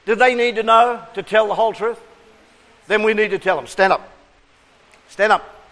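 A high-voiced man preaches to a congregation, firing questions at the crowd and drawing shouted answers back. His voice rings out with a long, lingering reverb from the hall around him. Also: brisk. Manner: lively, coaxing the crowd with questions and call-and-response. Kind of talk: interactive sermon to a congregation.

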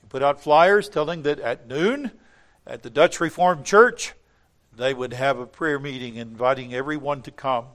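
A man preaching a sermon, emphatic, repeating phrases for weight, his voice swelling to loud peaks and sinking low and quiet. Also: moderate pace.

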